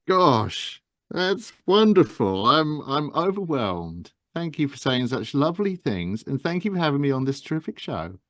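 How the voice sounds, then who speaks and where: A man in his fifties from England's Medway Towns with a softened Estuary accent, talking gently and modestly in an interview, with many fillers and restarts. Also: fairly high pitch, sing-song, a little slow, no echo, clean studio sound. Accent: softened Estuary English. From England, Medway Towns south of London. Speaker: guest, actor and narrator. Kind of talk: casual interview talk.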